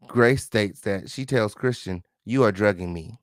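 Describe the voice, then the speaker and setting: A man's voice: fairly low pitch, a little slow, no echo, clean studio sound. A man hosting an online show, reading court documents aloud to his live chat and commenting on them in a sarcastic, slangy way, with mocking quoted voices. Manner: sarcastic, slangy, talks back to the text.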